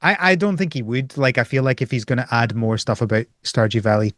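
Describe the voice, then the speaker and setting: A man co-hosting a casual gaming podcast, excitable, acting out his own reactions. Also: medium pitch, quick pace, no room sound, studio quality. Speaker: podcast co-host.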